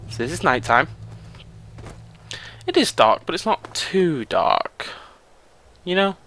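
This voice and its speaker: With a fairly high voice and no echo, a British man commentates his gameplay slowly, pausing often. The let's play host rambles, teases himself, and is easily excited.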